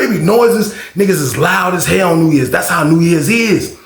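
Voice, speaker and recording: A man telling a casual storytime vlog, profane and animated, acting out noises and other people's voices. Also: high-pitched, a little fast, creaky, hardly any pauses, faint music behind. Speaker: storyteller recounting prison life. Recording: echoey room.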